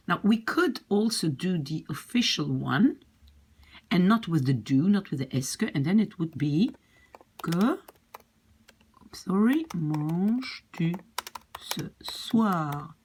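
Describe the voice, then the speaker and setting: A woman language teacher speaking slowly and patiently, with a slightly husky tone. She repeats each example carefully, her pitch rising and dipping with lively emphasis. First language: French or Dutch. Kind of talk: explaining French grammar in English.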